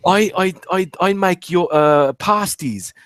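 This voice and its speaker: A man in his fifties hosting a casual stream chat, excitable, with frequent stammered restarts. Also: high voice, slow pace, slight background noise. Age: 50s.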